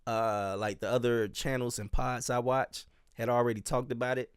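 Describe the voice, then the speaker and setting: A man with a Southern accent talks casually on his solo podcast, rambling along with plenty of fillers and false starts. His voice is smooth and clear. The sound is dry and close, with no room around it. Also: medium pitch, little pitch movement, moderate pace, no room sound. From Miami and Charleston, US South. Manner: rambling, with many fillers and restarts. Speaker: dance teacher and podcast host.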